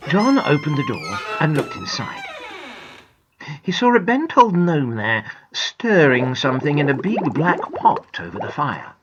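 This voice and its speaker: A woman narrating a children's storybook in a gentle, expressive manner. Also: low voice, a little slow, lo-fi sound, music in the background.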